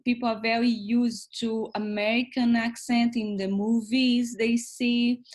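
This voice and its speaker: A woman who speaks as a chats casually. Her voice is a little high, and she pauses often, filling the gaps with small hesitations. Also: little pitch movement, darkish tone. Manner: hesitant, many fillers. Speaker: co-host. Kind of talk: casual chat.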